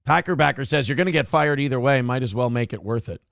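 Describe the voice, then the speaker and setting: A man's voice: medium pitch, fast talker, vocal fry, fairly bright tone, dry recording, clean studio sound. A man hosting a livestream talk show. He reads viewer comments aloud and rants with plenty of profanity. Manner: ranting and profane. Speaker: live show host.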